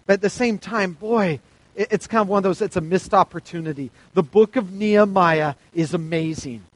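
High-voiced chatty male youth preacher. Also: moderate pace, no echo. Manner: chatty, acts out quotes, asks the crowd questions. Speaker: youth pastor. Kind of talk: casual youth sermon.

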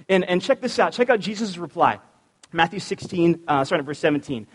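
High-voiced man preaching in a reverberant church. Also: fast talker. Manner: energetic and animated, cracks jokes. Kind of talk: casual, joking sermon. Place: church sanctuary. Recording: long reverb of a church hall.

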